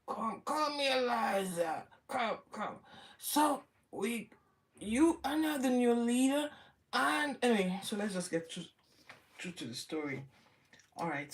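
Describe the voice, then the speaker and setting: A woman's voice: lowish voice, far from the mic. A woman hosting a Bible reading show, retelling scripture casually and acting out the quotes with animation. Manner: animated, acts out quotes in lively voices. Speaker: Bible reading podcast host.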